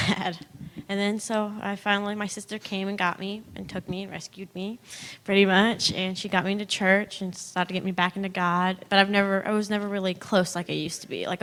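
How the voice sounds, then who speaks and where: A young woman giving a personal testimony in church, chatty and animated, acting out what people said with sudden pitch jumps and nervous laughs.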